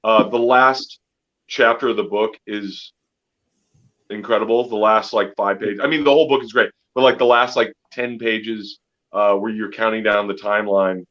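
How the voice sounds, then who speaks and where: A man's voice: fairly low pitch, steady tone, moderate pace, highs cut off. A man hosting a casual talk show, earnestly recommending a guest's book and often restarting his sentences. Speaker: host. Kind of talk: casual chat.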